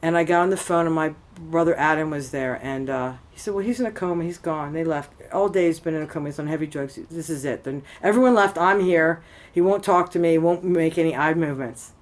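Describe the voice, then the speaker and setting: A woman's voice: deep voice, brisk. A woman telling a personal story in casual conversation, rambling and frank, swearing freely, at a temple. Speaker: interviewee.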